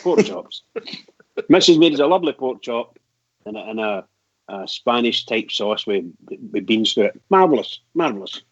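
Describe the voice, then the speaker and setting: A man's voice: fairly low pitch, unhurried, a bit bright, no room sound. A man hosting a fan call-in radio show, teasing his guests and laughing a lot. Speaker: radio host. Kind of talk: casual chat. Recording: dry, dull lo-fi audio.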